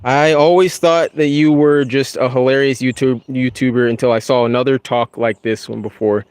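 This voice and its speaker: A young man talks as he walks a wooded trail outside, loose and easygoing, dropping dude and bro into nearly every thought. His voice sits in an ordinary middle pitch, relaxed and unforced. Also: moderate pace, clean tone, dry recording. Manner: laid-back, slangy, says dude and bro a lot. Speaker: YouTuber. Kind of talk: casual spiritual talk while walking.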